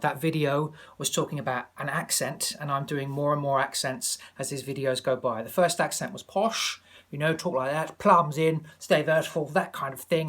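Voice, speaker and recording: A man vlogging from home, giving a chatty, animated accent tutorial that wanders into asides. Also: on the high side. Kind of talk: casual to-camera tutorial. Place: home, during lockdown.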